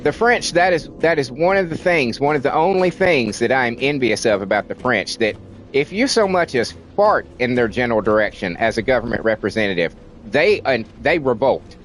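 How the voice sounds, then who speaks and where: Man, livestreamer, heated rant, heavy swearing, repeats himself, mid-pitched voice. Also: expressive, a little fast, faint music behind. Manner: heated, profane, repeats words for emphasis. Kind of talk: casual ranting commentary on stream.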